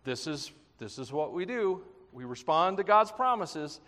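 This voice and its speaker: Animated male preacher in a reverberant hall. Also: fairly high pitch, unhurried. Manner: animated, conversational preaching with jokes and acted quotes. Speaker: pastor. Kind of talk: sermon.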